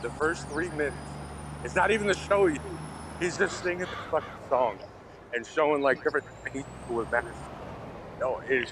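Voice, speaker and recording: A man chatting on a live stream, crude and excitable, swearing a lot. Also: medium pitch. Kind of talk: casual chat on a live stream. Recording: clear background noise.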